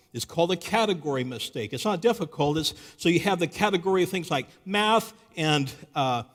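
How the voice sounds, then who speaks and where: A man with a high voice gives a live apologetics talk in a large church hall. He tells the story as he goes and keeps asking his listeners rhetorical questions. A long reverb trails behind every phrase. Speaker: Christian apologetics speaker.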